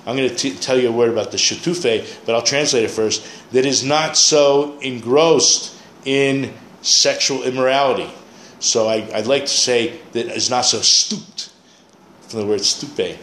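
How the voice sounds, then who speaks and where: A man's voice: medium pitch, unhurried, fairly bright tone. Man, bible class teacher, explains hebrew words, restarts mid-thought, roomy echo, faint hum behind. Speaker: Torah teacher. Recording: echoey room, faint ambience.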